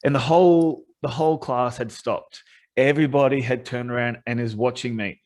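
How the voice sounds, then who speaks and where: A man's voice: medium pitch, fairly even intonation, normal speed, a little mellow. A man hosting a podcast, telling stories in a casual, rambling way and laughing often. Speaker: podcast host. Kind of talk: casual chat.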